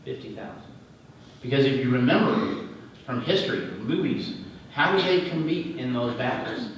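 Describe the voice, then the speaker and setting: A man's voice: mid-range voice, expressive, moderate pace. A middle-aged man tells a history story at a breakfast banquet, folksy and given to joking asides. He sounds far from the mic in a big hall with heavy reverb and a faint hum of room noise. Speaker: regional Red Cross executive. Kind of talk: banquet speech.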